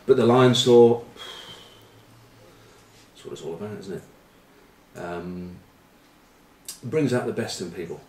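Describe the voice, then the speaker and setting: Deep-voiced man rambling through rugby stories. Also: takes it slowly, pauses often, a little mellow. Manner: rambling storyteller, full of ums and uhs, dry banter. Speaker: rugby pundit, former player. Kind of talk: casual rambling rugby chat with anecdotes. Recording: roomy, from a distant mic.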